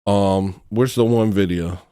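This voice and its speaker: A man's voice: fairly low pitch, measured pace, noisy background. Blunt rambling man on a livestream. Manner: rambling and blunt, frequent restarts. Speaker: livestream host. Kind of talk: casual livestream rant.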